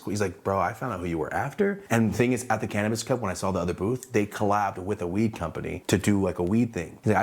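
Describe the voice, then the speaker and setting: Male storyteller, husky and low, animated story-time vlog delivery. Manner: animated, acts out quoted dialogue, swears freely. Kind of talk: casual story-time monologue.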